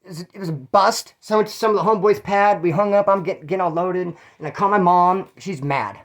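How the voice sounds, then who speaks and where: A man's voice: high-pitched, brisk. A man hosting his own channel, telling prison stories in a rambling, profane, streetwise way. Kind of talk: casual first-person storytelling.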